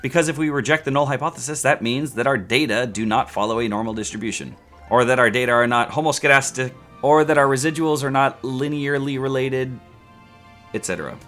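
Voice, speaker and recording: A man teaching statistics in a playful, sarcastic, animated way. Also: medium pitch, fairly quick, faint music behind. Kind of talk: scripted educational video.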